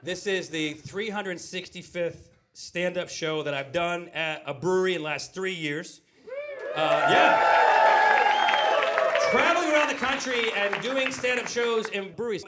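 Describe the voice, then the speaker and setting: Over a noisy crowd, the recording very noisy, a middle-aged comedian speaks in a high-pitched voice at a moderate pace. Performing stand-up before a live audience at a brewery venue, he tells stories animatedly and voices the characters in them.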